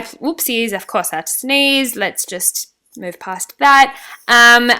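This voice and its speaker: A woman's voice: mid-range voice, pushed and bright, clean tone. A young woman giving a chatty, rambling voice-over for a makeup tutorial, joking about her own slips. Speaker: beauty vlogger.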